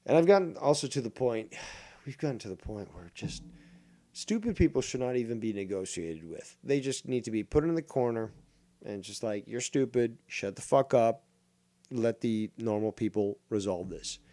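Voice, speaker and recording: A man's voice: medium pitch, warm tone. Man, forties, live-stream commentary, mocking, profane, exasperated. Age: 40s. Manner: mocking, exasperated, swears a lot. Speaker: streamer reacting to a call-in clip.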